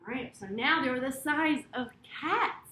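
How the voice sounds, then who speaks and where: In an echoey room, a children's storyteller and yoga teacher reads a picture book aloud, sing-song and encouraging as she guides the kids through yoga poses and sign language. Her high voice is bright and forceful at normal speed, with a little hiss or hum.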